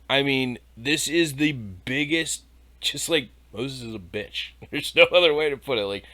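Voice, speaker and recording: A man's voice: mid-range voice, animated, moderate pace, a bit bright. A man hosting an irreverent comedy podcast, reading Bible passages aloud and mocking them with profanity, sarcasm and laughter. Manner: profane, sarcastic, laughs at his own jokes; reads scripture aloud then mocks it. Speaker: podcast host.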